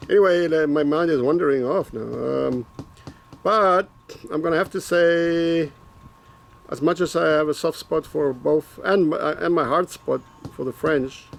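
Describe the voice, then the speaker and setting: A man's voice: on the high side, measured pace, vocal fry, a little hiss or hum. A man rambling and joking as he talks to his own camera in a casual vlog, repeating himself as he goes. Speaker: vlogger making predictions.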